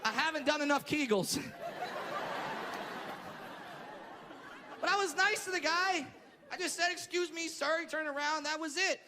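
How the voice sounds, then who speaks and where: A middle-aged man from Southern California doing a stand-up set on stage, brash and profane, shouting his punchlines. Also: extremely high pitch, brisk, long reverb tail, a crowd in the background. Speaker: stand-up comedian. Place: comedy stage before a laughing audience. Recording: live stage sound with audience noise.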